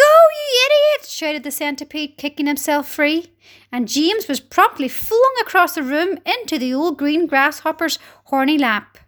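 Woman reading a kids' story, high voice, swoops up and down a lot. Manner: animated, dramatic. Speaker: narrator.

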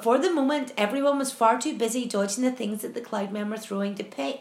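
A woman reading a children's story aloud with expressive, animated narration. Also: a little high, a little fast, hardly any pauses. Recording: roomy echo.

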